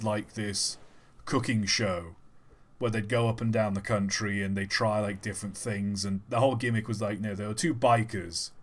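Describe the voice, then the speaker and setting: On a live stream, a young man with a lowish voice chats and tells stories casually. He's animated and lets the occasional swear word slip.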